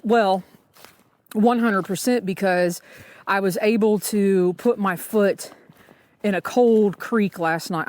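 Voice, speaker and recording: A woman talking in a chatty, rambling way with many fillers, vlogging outdoors while section hiking a forest trail. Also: mid-range voice. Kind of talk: casual trail vlog.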